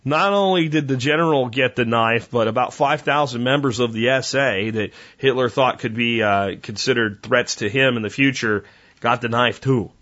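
Wry man with deadpan asides. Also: mid-range voice, moderate pace, lo-fi sound. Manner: conversational, with small slips and corrections. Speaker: podcast host. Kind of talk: reading history notes with wry asides.

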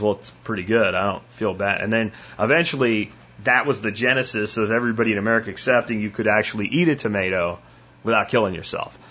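Husky-voiced man rambling on a podcast. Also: medium pitch, fairly bright tone. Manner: rambling storytelling with frequent restarts and mild swearing. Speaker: podcast host. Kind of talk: casual solo monologue. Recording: slightly muffled, lo-fi podcast audio.

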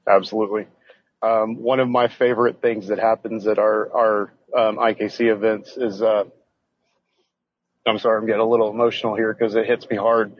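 A man's voice: fairly low pitch, level tone, fairly quick, slightly rough, no room sound, dull audio. A man who is a guest on a podcast, speaking in an earnest, heartfelt, casual way. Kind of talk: casual interview chat.

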